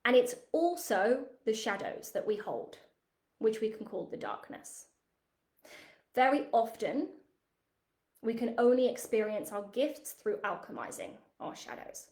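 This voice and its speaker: A woman in her thirties talks through a spiritual lesson in a loose, animated way, often checking in with her listeners. Her voice sits a little high. The room around her has a noticeable echo. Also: measured pace. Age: 30s. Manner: chatty, animated, frequent "right?" tags. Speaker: spiritual teacher. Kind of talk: masterclass teaching monologue.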